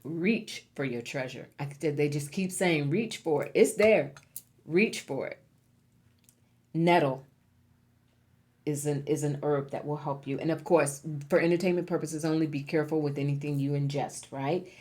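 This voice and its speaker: A woman's voice: low voice, moderate pace, a little mellow. A woman giving a pick-a-card tarot reading to viewers, encouraging and emphatic, repeating key words for effect. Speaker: tarot reader.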